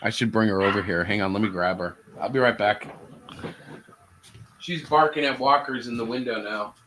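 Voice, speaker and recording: A man's voice: on the low side, fairly even intonation, moderate pace, a bit bright, a little hiss or hum. A man hosting a live stream, chatting casually over a video call and chuckling often. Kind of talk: casual chat.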